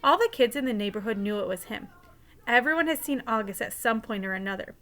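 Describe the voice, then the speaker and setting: A woman's voice: a little high, lively intonation, fast talker, a bit bright. A woman teacher reading a novel aloud in a casual, conversational way, sometimes restarting a line.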